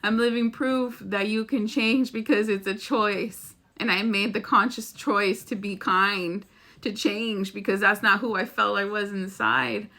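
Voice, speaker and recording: This spiritual vlogger's voice is medium-pitched, creaky and bright, with a forceful but steady tone and a measured pace. She addresses her viewers in a heartfelt, rambling monologue, getting emotional and swearing now and then.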